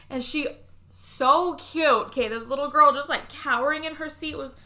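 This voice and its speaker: A woman hosting a podcast, recapping a movie in casual chat, animated and swearing, acting out the characters' lines. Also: sits high, moderate pace. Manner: animated, swearing, acts out quotes. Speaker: podcast host.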